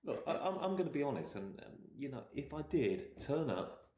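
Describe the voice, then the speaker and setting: A man's voice: medium pitch, big pitch swings, moderate pace, darkish tone. A man hosting a casual chat, plain-spoken and laughing often. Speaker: show host. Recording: echoey room with faint noise.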